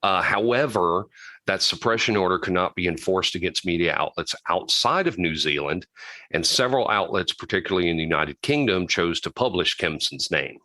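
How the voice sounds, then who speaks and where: A man's voice: low voice, expressive, moderate pace, pushed and bright, no room sound, poor audio. A man co-hosting a podcast, casually recapping a true-crime case from notes, with frequent restarts and side comments. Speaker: podcast co-host.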